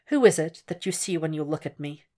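A woman voicing a calm, cold, cultured male doctor who speaks in a soft, measured, quietly mocking way. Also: low-pitched. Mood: taunting.

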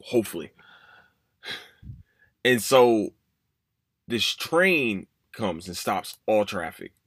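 A man's voice: fairly low pitch, very animated, takes it slowly, a bit bright, husky, no room sound. A young man hosting a podcast, rambling through a personal story, cursing and apologizing for it. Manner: rambling, curses and apologizes, voices his own past thoughts. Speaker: podcast host. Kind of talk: casual storytelling.

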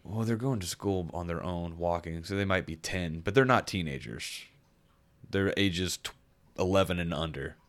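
A man with a very deep voice talks through a game in casual podcast chat. He rambles, restarts his sentences and hunts for the right words as he goes. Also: moderate pace. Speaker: podcast co-host reviewing a game.

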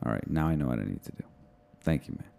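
He speaks in a very low, gravelly voice with a mellow, dark tone. His delivery is deadpan and mumbled as he trades dark jokes in loose podcast chatter. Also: fast talker. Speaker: podcast co-host. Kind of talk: casual podcast banter.

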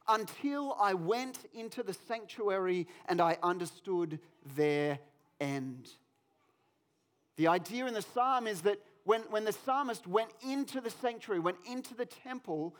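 High-voiced man preaching a sermon. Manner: animated, self-deprecating storyteller. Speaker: pastor. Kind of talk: sermon with personal storytelling.

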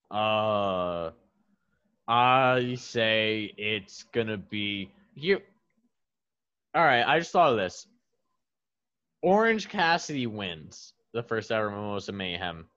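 A man's voice: medium pitch, fairly bright tone, muffled recording. A man co-hosting a casual podcast, giving rambling, profane predictions. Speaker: podcast co-host. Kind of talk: casual chat.

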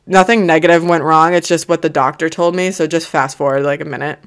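A woman's voice: low-pitched, fairly even intonation, a little fast, smooth. Blunt, swearing young woman podcaster. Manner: blunt, casual, swears freely; emotional, laughs through the hard parts. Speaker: podcast host. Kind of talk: candid personal storytelling.

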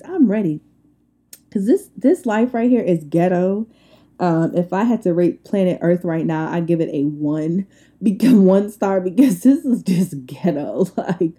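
A young woman in her twenties chats alone on her podcast, loose and blunt, often laughing as she rants. Her voice sits a little low and sounds very dark and mellow. She tells her stories with animated, colloquial energy. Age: 20s. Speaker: podcast host. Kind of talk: casual solo podcast chat.

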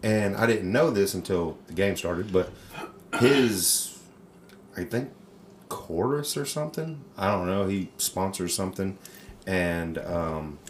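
Man, very low voice, animated storyteller, swears a lot, echoey room. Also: slow, noisy background. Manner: animated, swears freely, acts out voices in stories. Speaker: podcast co-host. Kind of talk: casual storytelling chat. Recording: roomy echo.

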